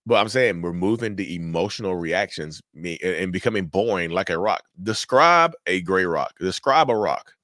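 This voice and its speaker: Low-voiced man talking casually to viewers. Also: expressive, normal speed, fairly bright tone, no echo, studio quality. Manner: conversational, repeats himself, addresses viewers as y'all. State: sleepy, yawning. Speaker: mental health channel host. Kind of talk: casual talk to camera.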